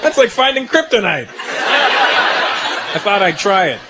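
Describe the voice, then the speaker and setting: A man performing stand-up comedy on stage, telling an animated story and acting out characters. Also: high voice, measured pace, over a noisy crowd, heavy background noise. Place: comedy stage before a large audience. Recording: loud audience laughter.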